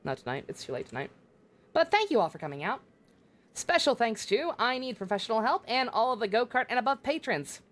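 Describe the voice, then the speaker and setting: A woman's voice: a little high, very animated, a little fast. A woman livestreaming a game, chatting casually in a rambling way with many restarts and frequent swearing. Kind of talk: casual gameplay commentary.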